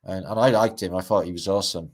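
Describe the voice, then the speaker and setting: Talking fast in a deep, steady voice, a middle-aged Welsh man hosts a livestream. His commentary over pictures is rambling and casual, full of wry asides and relaxed swearing.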